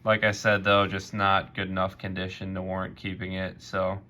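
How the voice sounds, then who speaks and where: A man narrating his own coin hunting video in a casual, excited way, often calling out to viewers as "guys". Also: low-pitched, moderate pace, dull audio. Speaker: coin roll hunting vlogger.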